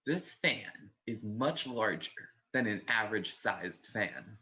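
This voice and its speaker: A young man reading a spoof commercial in a mock-serious announcer tone. His voice is bright and forceful, and the recording sounds dull and lo-fi. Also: on the low side, lively intonation, takes it slowly, soft background music. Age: young adult. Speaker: narrator of a parody ad. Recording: dull lo-fi audio.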